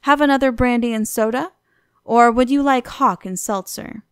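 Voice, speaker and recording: Woman reading a petulant young gentleman. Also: on the high side, moderate pace, clear, resonant tone, no echo, studio quality, natural voice. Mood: flippant. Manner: petulant, flippant.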